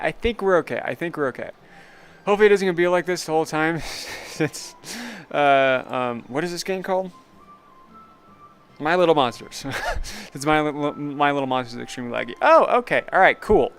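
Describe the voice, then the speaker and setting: A man's voice: a little high, lively intonation, normal speed, fairly bright tone, clean tone, faint music behind. A young man streaming a video game, rambling casually, laughing often and mocking himself. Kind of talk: casual gaming commentary.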